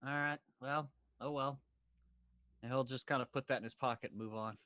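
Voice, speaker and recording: A man's voice: medium pitch, steady tone, brisk, sharp tone, dry recording. A man in a mid voice describes his character's moves in a rambling, hesitant way, with many filler words. The sound is dry and close. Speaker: player. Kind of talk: casual play chat.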